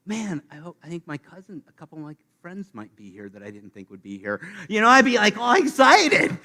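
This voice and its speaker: Animated male preacher, lively voice. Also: on the high side, a little fast. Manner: animated, playful, addresses congregation directly. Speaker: pastor. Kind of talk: sermon. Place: church sanctuary.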